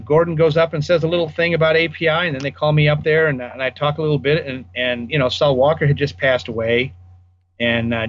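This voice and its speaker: A man's voice: medium pitch, fairly bright tone, lo-fi sound, slight background noise. An older man, a guest audio designer, casually telling rambling anecdotes in an interview and acting out the people he quotes.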